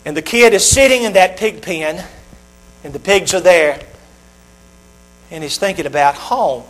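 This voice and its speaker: A middle-aged male preacher with a high-pitched voice delivers a sermon to his congregation. He repeats his points and lets his voice swell as he presses them home. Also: unhurried, poor audio. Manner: emphatic, repetitive preaching that swells in volume; talks straight to the congregation.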